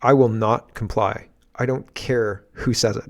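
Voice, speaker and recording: A man's voice: mid-range voice, fairly even intonation, unhurried. A man hosting a livestream from his garage, ranting about politics in a defiant, emphatic and profane way. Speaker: political commentary host. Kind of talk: unscripted livestream rant.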